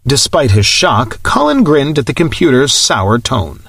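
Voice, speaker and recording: A man reading an audiobook aloud in a steady, even storytelling manner. His voice sits in a middle pitch, recorded close and dry with no room sound. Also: moderate pace, gravelly, hardly any pauses, slightly rough, dry recording. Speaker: audiobook narrator. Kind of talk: scripted narration.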